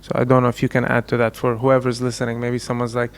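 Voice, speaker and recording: A man's voice: medium pitch, monotone, quick pace. A man from the Emirates, a stand-up comedian, chatting as a podcast guest, joking and rambling playfully. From United Arab Emirates. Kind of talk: casual podcast chat.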